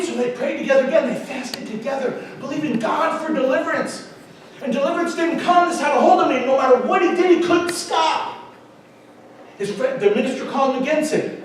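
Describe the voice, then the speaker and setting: High-voiced preacher in an echoey hall. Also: male voice, brisk, slight background noise. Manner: rising to emphatic near-shouting peaks. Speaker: pastor. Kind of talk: sermon. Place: large church sanctuary. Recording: echoey church hall from far off.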